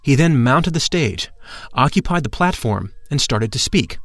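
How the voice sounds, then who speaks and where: A man narrating a first-person account in a measured, formal reading voice. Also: medium pitch, fairly bright tone, dry recording, faint music behind.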